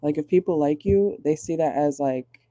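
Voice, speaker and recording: Tarot reader chatting in a car, swears a lot, super mellow dark voice, dry close sound. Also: mid-range voice, normal speed, no echo. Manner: chatty, blunt, swears freely; laughs often. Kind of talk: casual tarot reading. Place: inside a parked car.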